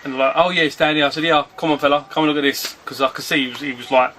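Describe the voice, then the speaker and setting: A man's voice: fairly high pitch, fairly even intonation, rapid-fire, sharp tone, slight background noise. Chatty man vlogging outdoors. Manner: rambling, chatty, often breaks off to call his dog. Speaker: retro game collector vlogger. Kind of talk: casual vlog chat. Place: outdoors at home on a sunny afternoon.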